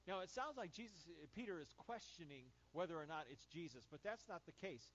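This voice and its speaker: A man's voice: on the high side, a little fast. A man preaching a Sunday sermon as pastor, acting out the lines of the people in the Bible stories. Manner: animated, acts out Bible quotes. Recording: dull lo-fi church recording with faint hum.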